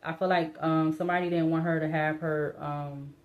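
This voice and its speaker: A woman's voice: low-pitched, little pitch movement, moderate pace, phone-quality sound. A woman reading tarot cards in a casual, musing way, hesitating often with fillers and restarts, her voice breaking up a little. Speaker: tarot reader.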